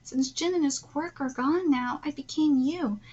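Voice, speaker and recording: A woman's voice: high voice, a little slow, darkish tone, muffled recording. A woman voicing an obsessive young female villain, reading manga dialogue aloud in a plain, slightly hesitant way. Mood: subdued.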